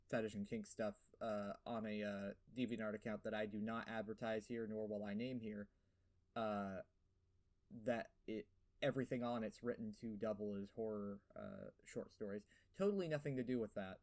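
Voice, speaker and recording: A man's voice: on the low side, moderate pace, darkish tone. A young man with a lisp giving a sarcastic, profane game review voiceover, full of fillers and rants. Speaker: gaming video host.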